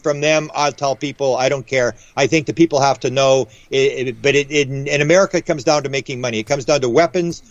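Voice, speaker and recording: A man's voice: mid-range voice, fairly even intonation, no room sound. Man telling a story over dull lo-fi audio. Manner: rambling, quick restarts, acts out quoted voices. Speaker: guest author. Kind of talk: casual interview talk.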